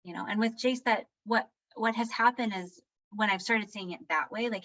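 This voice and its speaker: A woman's voice: moderate pace, few pauses, low-quality recording. A middle-aged woman speaking as a guest on parenting, answering questions reflectively and acting out quoted lines. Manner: warm, reflective, acts out quotes with shifts in pitch.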